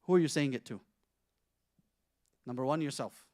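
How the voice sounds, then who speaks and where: Speaking at medium pitch with a somewhat dark tone, a sheikh runs a conversational, interactive Quran class. He quizzes the people listening and rattles off Arabic verses quickly, recorded at studio quality with no room sound.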